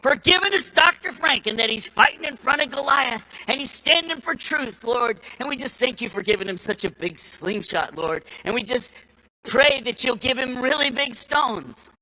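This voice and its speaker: A man voicing a fervent old woman praying aloud, in a loud, rising, preacherly prayer cadence. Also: extremely high pitch, lively intonation, moderate pace, voice pushed up, heavily acted, poor audio.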